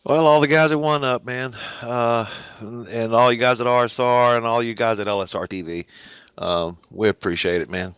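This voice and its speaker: A man with an American accent, a race winner talking casually and relaxed in a post-race interview. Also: medium pitch, moderate pace, smooth, no room sound.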